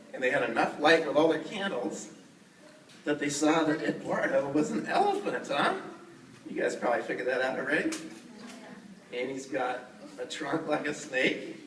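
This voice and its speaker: A man's voice: medium pitch, fairly bright tone, reverberant, distant mic, a little hiss or hum, poor audio. Man telling a playful puppet story. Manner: playful, addresses the children. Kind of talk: children's puppet-show storytelling. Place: outdoor fair.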